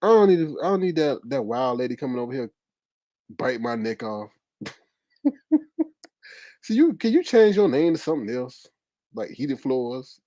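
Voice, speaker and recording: A man hosting a live stream in casual chat, animated, often laughing and exclaiming. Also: medium pitch, normal speed, long pauses, no echo.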